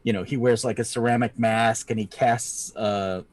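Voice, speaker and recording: A man's voice: mid-range voice, steady tone, moderate pace, dry recording. A man co-hosting a casual live-streamed chat, talking in a rambling, playful way and often breaking into laughter. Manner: rambling and playful, often laughing and acting out little character voices. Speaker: podcast co-host.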